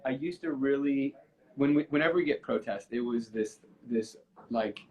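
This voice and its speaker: A man's voice: mid-range voice, darkish tone, rough recording. A musician in a casual live video chat, telling a story earnestly with many restarts and fillers, getting emotional as he goes. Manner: halting, with frequent restarts and fillers. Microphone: video call from a phone or computer.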